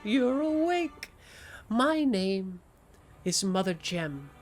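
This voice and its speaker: Man doing a high motherly old woman. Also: very animated, drawn-out words, soft background music, full character voice. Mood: tender. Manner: gentle, motherly and fussing. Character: kindly old woman running an orphanage. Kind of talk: tabletop game role-play.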